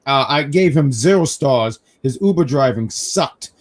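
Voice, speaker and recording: A man from New York hosting a casual live wrestling review stream, telling animated stories with self-mocking jokes. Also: medium pitch, unhurried. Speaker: podcast host.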